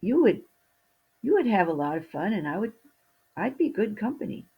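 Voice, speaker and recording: A woman's voice: mid-range voice, sing-song, moderate pace, husky, muffled recording, voice pushed up. A woman voicing a humble, kindly young male archer who talks in a friendly, good-natured way, in a storybook telling.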